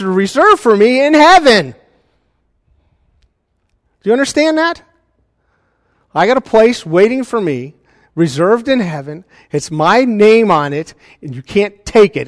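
A man preaching a sermon as a pastor, animated and conversational, with joking asides to the congregation. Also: sits high, moderate pace, dry recording, clean studio sound, in a large hall.

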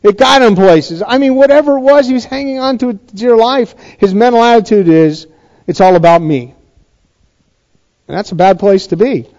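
A man's voice: extremely high pitch, a little fast, few pauses, darkish tone, lo-fi sound. A male pastor giving a sermon in a chatty, conversational way, often restarting his sentences.

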